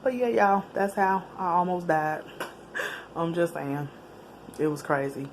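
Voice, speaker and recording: An unhurried woman with a lowish voice vlogs a personal story straight to camera. The telling is easygoing and lively, peppered with slang and laughs, against a faint background hiss.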